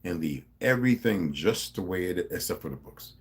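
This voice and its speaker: Husky-voiced rambling Jersey man. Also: sits low, animated, brisk. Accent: New Jersey. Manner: rambling, profane, confrontational, chuckling asides. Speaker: vlogger. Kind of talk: rambling casual monologue to subscribers.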